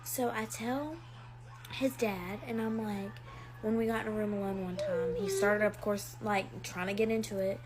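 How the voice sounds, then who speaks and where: A woman's voice: medium pitch, steady tone, normal speed. A young woman telling a dramatic personal story in a chatty, casual way, with lots of fillers.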